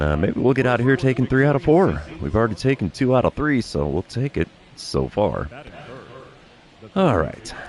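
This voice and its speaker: Deep-voiced man calling his own baseball game. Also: darkish tone. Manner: announcer-style calling of pitches and stats, self-deprecating asides. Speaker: gaming streamer. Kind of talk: play-by-play commentary of his own video game.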